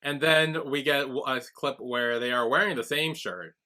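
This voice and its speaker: At a moderate pace and medium pitch, a male podcast co-host walks through episode recaps in a relaxed way, acting out what the characters say in a lively retelling.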